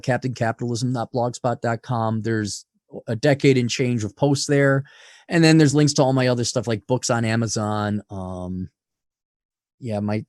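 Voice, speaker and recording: Brash, profane man, dry sound. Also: dry recording. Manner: brash and profane, swings loud then low. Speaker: podcast guest. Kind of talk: blunt conversational interview.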